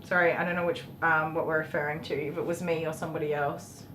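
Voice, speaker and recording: A woman's voice: flat delivery, quick pace. Chatty woman in an echoey room. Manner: chatty, frequent ums, openly emotional. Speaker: livestream host answering viewer questions. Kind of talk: casual livestream chat. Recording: echoey room with faint rumble.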